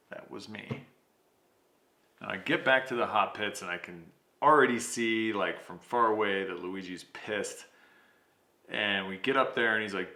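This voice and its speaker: A man hosting his podcast, telling a story in a casual, animated way, swearing freely and acting out what people said. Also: lowish voice, vocal fry, reverberant. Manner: animated, swears, acts out quotes. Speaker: podcast host.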